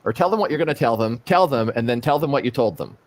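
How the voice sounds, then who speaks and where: A man's voice: medium pitch, animated, fast. A man co-hosting a casual livestream, making wry, joking asides. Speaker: livestream co-host.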